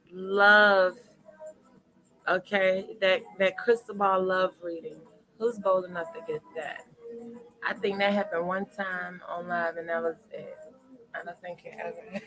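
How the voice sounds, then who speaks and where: A woman's voice: mid-range voice, low-quality recording. Chatty woman hosting a tarot stream. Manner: laughs often, animated and chatty. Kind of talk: casual live-stream chat.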